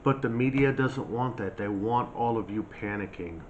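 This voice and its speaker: A man's voice: medium pitch, moderate pace. Mocking man ranting on a lo-fi vlog. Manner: mocking, scolding and blunt, with crude jabs. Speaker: prepper vlogger. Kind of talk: ranting monologue to camera. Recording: slightly dull lo-fi sound, faint hiss.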